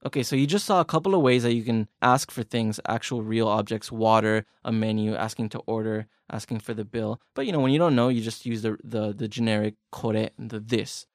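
A man's voice: on the low side, brisk, few pauses, dry recording. Chatty male language-lesson host, dry sound. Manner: chatty, encouraging, plays out scenes.

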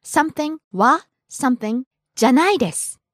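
A woman's voice: high-pitched, lively intonation, fast, no room sound, clean studio sound. A woman teaching on a casual language podcast, giving short answers and modelling example phrases.

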